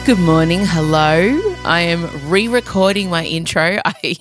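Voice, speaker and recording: Low-voiced woman, jokey podcast host. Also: moderate pace, music in the background. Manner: chatty, jokey and self-mocking, with playful asides. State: voice deep and rough from early morning. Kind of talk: casual solo podcast chat.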